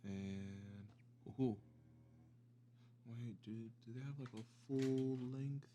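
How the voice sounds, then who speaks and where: A young man co-hosting a podcast, relaxed and chiming in with eager agreement. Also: mid-range voice, slow pace, lo-fi sound, slight background noise. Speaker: podcast co-host. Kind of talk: casual chat.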